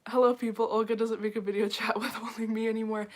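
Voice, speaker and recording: A woman's voice: fairly high pitch, flat delivery, fast. A young woman chatting casually on a home live stream, frazzled and full of fillers, talking to viewers as she reads the chat. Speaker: livestreamer.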